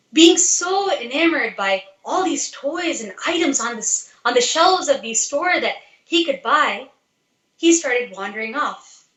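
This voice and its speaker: A woman's voice: on the high side, fairly bright tone, roomy sound, poor audio. A woman giving an earnest devotional talk, telling a story and asking rhetorical questions to urge listeners on. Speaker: devotional speaker.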